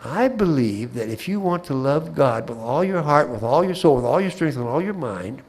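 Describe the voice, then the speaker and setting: A man's voice: mid-range voice, lively intonation, moderate pace, darkish tone, rough recording. A man giving a Bible class talk in a folksy way, with humorous anecdotes and asides, often repeating words as he restarts a phrase.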